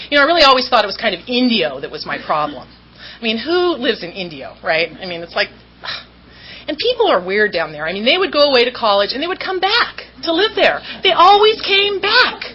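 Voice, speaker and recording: Bright-voiced woman from southern california, candid recovery story, kinda muffled recording w faint hiss. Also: medium pitch. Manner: candid, self-mocking storytelling with acted-out quotes. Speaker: recovery meeting speaker.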